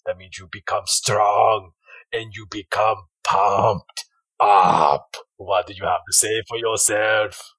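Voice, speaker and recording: A man voicing an intimidating older male trainer in a put-on Jamaican accent, low and leaning in close. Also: fairly even intonation, slow, fairly bright tone, no echo, heavily acted, rough recording. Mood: menacing.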